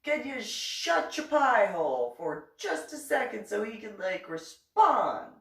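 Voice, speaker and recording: A woman's voice: a little high, very animated, slow pace, vocal fry, exaggerated voice. A bossy, huffy wife snapping out a scolding, as a woman storyteller plays her, her tone leaping about. The voice is heard from back from the mic in an echoey room. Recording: roomy, distant mic.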